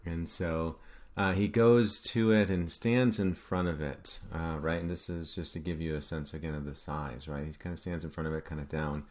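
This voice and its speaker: Brief: male art lecturer, very low voice, informal and halting, lots of "uh" and "right?". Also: steady tone, darkish tone. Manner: halting, many fillers, self-correcting, checks in with "right?". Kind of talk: recorded lecture.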